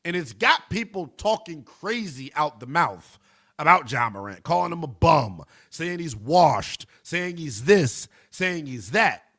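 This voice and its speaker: A male sports radio host with a lively, bouncing delivery and a bright, forceful edge to his voice. He sits in a radio studio and stays emphatic, leaning hard on his points as he takes listener calls. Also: a little high, a little slow. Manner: animated, emphatic, talks to listeners as brother. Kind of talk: call-in sports radio talk.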